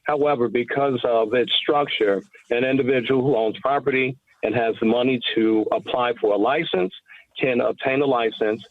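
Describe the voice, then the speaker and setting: A man's voice: mid-range voice, moderate pace, no room sound. Earnest man testifying over a phone line. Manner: earnest, emphatic, with restarts. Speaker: public testifier. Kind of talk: formal committee testimony. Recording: tinny phone-like line, dry.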